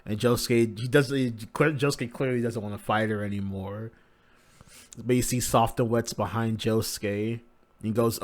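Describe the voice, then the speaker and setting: A man's voice: mid-range voice, steady tone, normal speed. A man hosting a live manga reaction, narrating the pages casually and crudely with many fillers.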